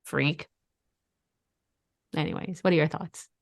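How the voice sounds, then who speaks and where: A woman co-hosting a casual podcast. She is a mother and talks bluntly, giving animated opinions and telling stories. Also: sits low, slow, creaky. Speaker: podcast co-host. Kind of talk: casual chat.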